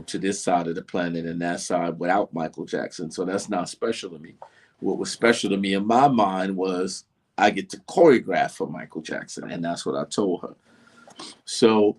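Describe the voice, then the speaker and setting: A middle-aged man telling a story in a casual interview, acting out the voices of the people in it. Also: low voice. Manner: animated, acts out voices in his story. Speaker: interview guest.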